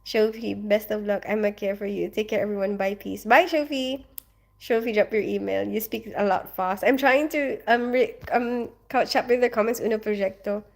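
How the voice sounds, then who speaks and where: A woman's voice: mid-range voice, fairly even intonation, moderate pace, gravelly. A young woman hosting a casual livestream, reading comments aloud and greeting viewers by name. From Philippines. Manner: chatty, greets viewers by name, laughs often. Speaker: livestream host.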